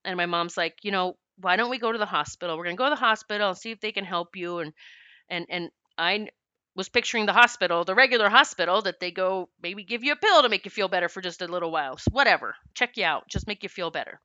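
A woman's voice: mid-range voice, fast, sharp tone, clean tone, no room sound, dull audio. A middle-aged woman telling her life story candidly, laughing often and acting out what people said. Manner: acts out quoted voices of herself and others. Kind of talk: personal storytelling to camera.

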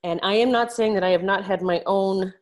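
A woman life coach talking on her own podcast, frank and encouraging, who swears casually and calls her listeners out as a tough-love coach. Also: fairly quick. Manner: frank, swears casually, animated shifts in pitch. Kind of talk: solo podcast coaching talk.

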